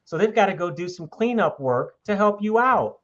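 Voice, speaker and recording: A man's voice: sits high, lively intonation, moderate pace, dull audio, background noise. A man talking in a casual podcast conversation, making his points emphatically and checking in with "okay?". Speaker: podcast host.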